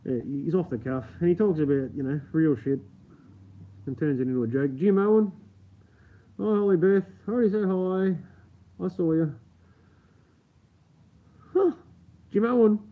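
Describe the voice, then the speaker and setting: A man with an Australian accent chatting casually with viewers during a live stream, swearing freely, laughing often, and keeping his voice down late at night at home. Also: high-pitched. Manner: keeps his voice down. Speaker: livestream host. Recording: tinny phone-like sound.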